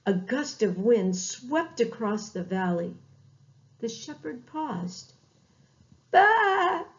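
Slow, expressive woman storyteller. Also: mid-range voice. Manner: expressive, drawn-out storytelling with bleated lamb sounds. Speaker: Sunday school storyteller. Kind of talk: children's Bible story reading. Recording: dull lo-fi recording.

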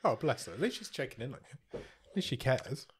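Fast-talking, teasing male podcast co-host. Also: medium pitch, big pitch swings, slightly rough. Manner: upbeat, teasing, laughs often. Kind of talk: casual chat.

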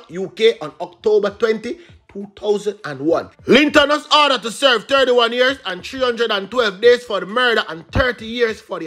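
A Jamaican man hosting online news, reading reports and breaking into lively patois commentary. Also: high-pitched. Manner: animated, switches between read news and banter.

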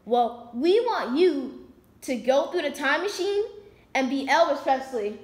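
A playful woman with a high voice talks straight to her viewers and laughs often as she spins a silly story. Her pace is slow and deliberate, and her voice rings in an echoey room. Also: big pitch swings, slight background noise. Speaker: video host.

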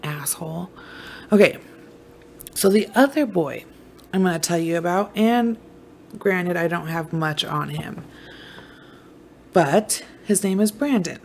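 A woman podcast host tells a story in a casual, heartfelt way. She leans on fillers and cusses as she goes. Her voice sits a little low, her pace is unhurried, and faint room noise sits behind her. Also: lively intonation, vocal fry, a little mellow. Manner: emotional, fillers, swears, repeats words.

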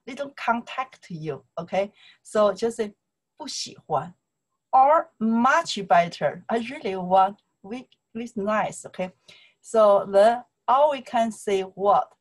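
With a mid-range, expressive voice and a Chinese accent from her native Mandarin, a woman leads a casual online lesson. Her delivery is slow and repetitive, and she keeps asking "okay?" to confirm her students understand.

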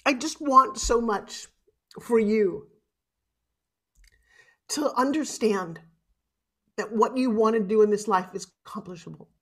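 A woman's voice: fairly high pitch, a little slow, long pauses. A middle-aged woman giving a heartfelt motivational keynote speech, urging her audience and tearful at times. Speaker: motivational speaker. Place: conference stage.

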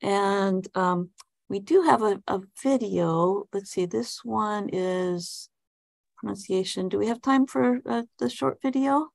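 A woman teaches an online English class over a video call and speaks slowly with a gravelly edge. She hesitates often and restarts her sentences as she asks students questions. The sound is dry and close, with no room echo. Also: medium pitch, a little mellow. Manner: hesitant, many ums and restarts, friendly questions. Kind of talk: casual online class talk.

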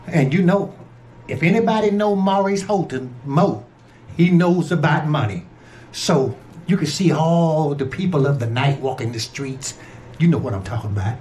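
A man's voice: a little high, normal speed, darkish tone, a little hiss or hum. An older man from Georgia, hosting a casual cooking vlog in a folksy, playful way and talking straight to his viewers. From Georgia, USA. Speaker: home cook and channel host.

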